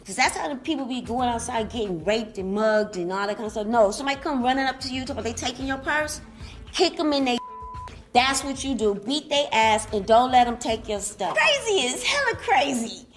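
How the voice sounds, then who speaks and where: A woman's voice: on the high side, a little fast, soft background music. A young woman talking bluntly and gossiping in slangy speech, as a reality show contestant in a confessional interview.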